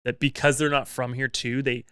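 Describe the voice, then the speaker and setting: A man's voice: medium pitch, little pitch movement, normal speed, a bit bright, clear, resonant tone, no room sound, studio quality. A man on a podcast explaining a point in thoughtful, casual chat. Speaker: podcast co-host.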